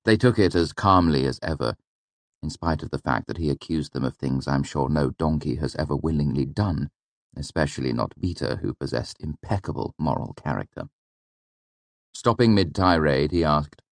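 A man narrating a first-person audiobook in a low, deep voice. His reading is measured and steady, recorded close in a dry space. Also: no room sound.

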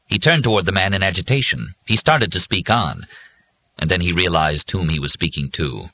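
A man reading a novel aloud in measured, scripted narration. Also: low voice, expressive, bright, forceful tone. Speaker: audiobook narrator.

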